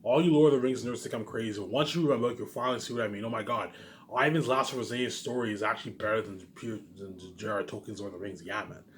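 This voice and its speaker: A man's voice: on the low side, fast talker. A man vlogging from home in a rambling, boastful monologue, often repeating himself and restarting. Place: home, noise upstairs.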